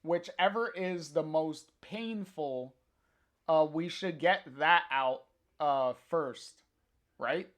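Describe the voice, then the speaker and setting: A man's voice: on the high side, slow pace, fairly bright tone. A man reading the lines of a practical, level-headed young woman from a comic in a plain, matter-of-fact way.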